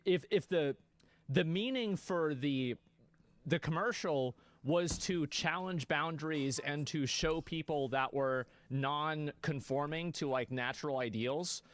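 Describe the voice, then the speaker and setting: A streamer reacting in casual chat, rambling with restarts and climbing high when worked up. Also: takes it slowly.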